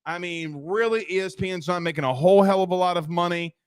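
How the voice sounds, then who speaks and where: Ranting high-voiced sports talk host. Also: male voice, quick pace, clear, resonant tone, no room sound, studio quality. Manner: animated, ranting, reads chat comments. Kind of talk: casual postgame sports talk.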